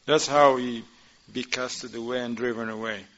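A man teaching a class, reading Arabic passages quickly and then explaining them in informal, conversational English while asking his students questions. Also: mid-range voice, steady tone, a bit bright. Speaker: religious teacher. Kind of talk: class explaining a religious text. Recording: dull lo-fi recording.

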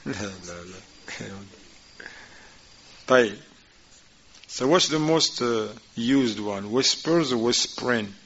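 A man teaching a class, reading Arabic passages quickly and then explaining them in informal, conversational English while asking his students questions. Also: mid-range voice, animated, a bit bright. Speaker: religious teacher. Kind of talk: class explaining a religious text. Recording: dull lo-fi recording.

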